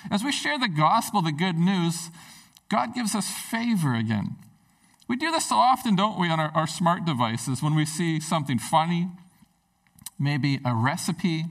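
A man's voice: a little high, vocal fry, distant mic, poor audio. A man preaching a sermon as pastor, speaking in an earnest, conversational way with frequent restarts.

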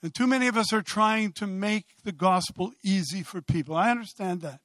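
A man preaches with fiery conviction, his voice sitting unusually high. He swells to loud exclamations and then pulls back. The sound is dry and close, with no room around it. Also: fairly quick, no echo. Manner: impassioned, rising to loud exclamations. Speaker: pastor. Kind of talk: sermon.

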